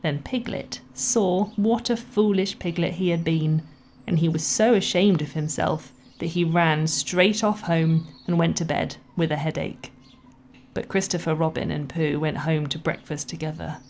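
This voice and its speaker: Brief: woman storyteller, low pitch, gentle and measured read-aloud. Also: steady tone, a little hiss or hum. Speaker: narrator. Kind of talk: storybook reading.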